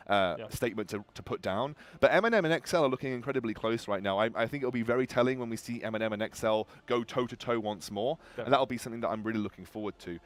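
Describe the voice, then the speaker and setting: A man with a British accent casting a video game tournament, breaking down the draft in fast, animated analysis with frequent restarts. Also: mid-range voice. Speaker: esports caster. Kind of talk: analytical esports commentary.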